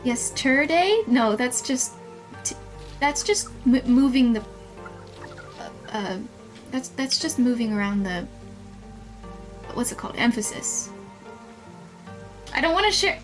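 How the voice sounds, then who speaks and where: A young woman with a high voice chats with her viewers while she plays a game, giggly and easily flustered. She talks at an unhurried pace, and soft game music plays in the background. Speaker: streamer. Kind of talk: casual live-stream chat with viewers.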